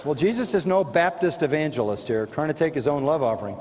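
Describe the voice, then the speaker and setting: A man delivers a sermon in a fairly high voice, firing rhetorical questions and repeating short punchy lines for emphasis. His voice rings out with the long reverb of a large hall. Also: animated, fast, few pauses, darkish tone, slight background noise. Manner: rhetorical, quotes imagined objectors and answers them. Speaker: preacher.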